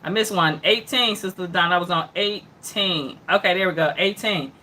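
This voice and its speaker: Woman host reading news headlines on a stream, bright voice, lots of mm-hmms and chatty asides to the viewers. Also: lowish voice, normal speed, slight background noise. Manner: reads headlines aloud, then reacts with chatty asides and many mm-hmms; greets and answers viewers by name. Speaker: host of an online news hour. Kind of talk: casual livestream headline commentary.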